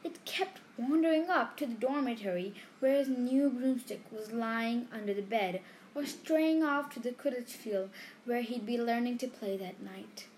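A woman reading a storybook aloud, unhurried, with small slips. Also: on the high side, a little mellow, a little hiss or hum. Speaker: reader.

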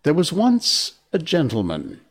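A man doing a gentle young girl storyteller. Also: a little high, wildly swooping pitch, measured pace, slightly rough, pitched above the performer's own voice, full character voice. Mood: storytelling.

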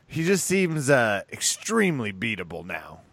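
Animated, swearing fight-podcast co-host. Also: male voice, mid-range voice, moderate pace, no room sound. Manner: animated, profane fight talk. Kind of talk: casual chat.

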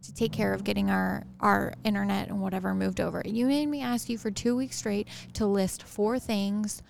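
A woman's voice: medium pitch, steady tone, normal speed, creaky, slight background noise. A woman co-hosting a casual couple's podcast, insisting firmly on her point in a discussion with her partner. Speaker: podcast co-host.

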